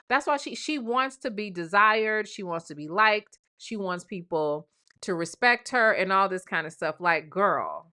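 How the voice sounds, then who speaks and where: A woman hosts a live stream, reading viewer messages and reacting in a sassy, emphatic way. Her voice is bright and keen, set at an ordinary middle pitch. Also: unhurried, clear, resonant tone. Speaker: livestream host.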